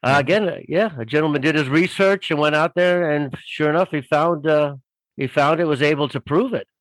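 A man's voice: a little high, fairly quick, a bit bright, dry recording, poor audio. A man telling a story casually as a guest author, rambling with many fillers and doing voices for the people in it.

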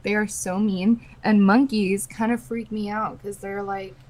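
A woman's voice: medium pitch, little pitch movement, measured pace, a little mellow, poor audio. A woman in her twenties co-hosting a podcast, chatting expressively, swearing casually and calling her friend "babes". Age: 20s. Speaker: podcast co-host. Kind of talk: casual chat.

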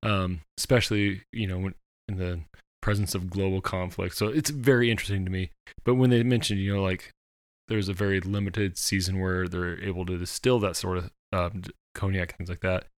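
A man's voice: low-pitched, steady tone, fairly quick, no room sound, studio quality. A man co-hosting a casual podcast chat, rambling with many fillers and restarts. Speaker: podcast co-host.

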